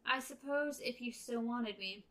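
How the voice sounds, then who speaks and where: Earnest lovesick young guy, a lady reading him, steady and low. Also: unhurried, poor audio. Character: earnest young man in love. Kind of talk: reading a novel aloud.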